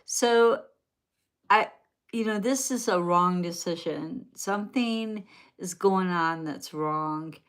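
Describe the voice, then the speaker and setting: A woman's voice: fairly low pitch, takes it slowly, clean tone. A woman with a Southern US accent giving a rambling, chatty live-stream tarot reading, talking straight to her viewers. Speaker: tarot reader.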